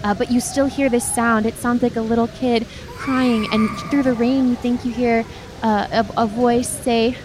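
A woman's voice: fairly high pitch, flat delivery, moderate pace, noisy background. A woman narrating a tabletop game as game master, describing scenes with frequent restarts and addressing the player by name.

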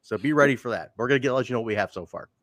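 A man's voice: mid-range voice, rapid-fire, no room sound. A man hosting a podcast in casual chat, joking and teasing his co-host. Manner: joking, animated, playful teasing.

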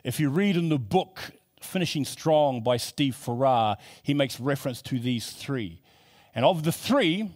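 A man's voice: mid-range voice, darkish tone. A man preaching a sermon in a conversational way, building to emphatic repetition.

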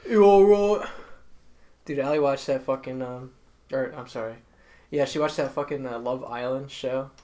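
A man's voice: medium pitch, little pitch movement, moderate pace, a little mellow. A man co-hosting a podcast in casual, crude, joking chat. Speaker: podcast co-host.

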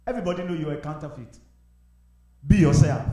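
A young adult male pastor preaching a sermon, swinging between shouted exhortation and quiet confiding. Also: on the high side, expressive, quick pace. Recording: echoey hall, voice from far off.

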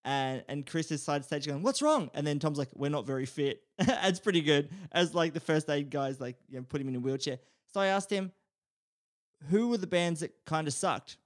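A male podcast co-host talks casually about old bands. His voice sits a touch high, and he rambles and laughs easily. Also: moderate pace. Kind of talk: casual chat.

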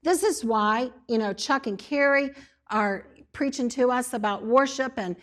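Woman preaching a sermon, kinda high voice, emphatic, keeps repeating stuff in lists. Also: unhurried. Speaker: speaker in a church setting.

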